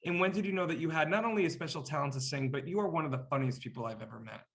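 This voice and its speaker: Male interview host, slightly raised pitch, heaps on compliments, eager and effusive. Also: racing, fairly bright tone. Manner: gushing and effusive, piling on compliments. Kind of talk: enthusiastic interview hosting.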